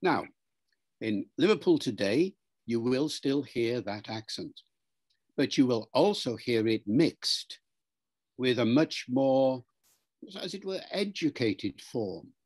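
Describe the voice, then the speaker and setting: A linguistics professor talks through an interview in a measured, lecturing manner. He stops now and then to say sounds aloud as examples. His voice sits at an ordinary male pitch. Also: big pitch swings, darkish tone. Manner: lecturing, demonstrates pronunciations aloud. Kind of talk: explanatory interview talk.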